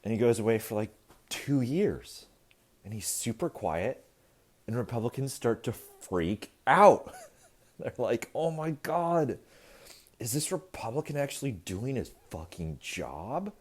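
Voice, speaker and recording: A male stand-up comedian doing a casual, profane routine, often jumping into quick voices for the people in his jokes and laughing at his own lines. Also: on the low side. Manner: animated, acting out characters in quick bits. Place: rehearsal space.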